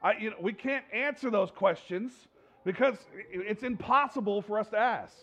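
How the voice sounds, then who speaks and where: A man's voice: high voice, moderate pace, a bit bright, highs cut off. A man preaching a sermon to his congregation in a conversational way, often repeating and restarting his words. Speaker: pastor. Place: church sanctuary with congregation.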